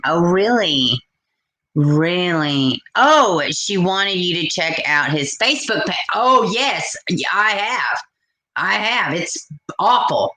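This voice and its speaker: A woman hosting a casual live stream, chatting and reacting out loud to viewer comments. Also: lowish voice, slow pace, roomy sound. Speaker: live-stream host reading chat.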